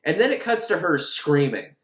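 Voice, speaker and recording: Sarcastic, profane male film recapper, lively pitch, echoey room. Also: normal speed. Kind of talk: casual comedic film recap.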